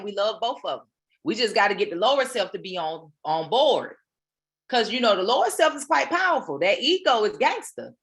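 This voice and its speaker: Woman preaching motivation, bouncy pitch, playful, slangy. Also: bright, forceful tone. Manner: preachy, playful, uses Black American slang. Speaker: motivational host. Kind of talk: motivational talk. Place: home, online session.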